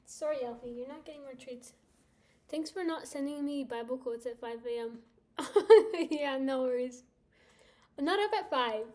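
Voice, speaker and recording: A woman's voice: high-pitched, normal speed, mellow. A woman livestreamer chatting casually with her viewers, rambling and laughing often.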